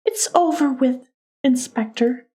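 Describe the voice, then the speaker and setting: A woman's voice: high-pitched, slow, dark tone, voice pushed up. A woman voicing a composed, haughty society lady in a prim, arrogant manner.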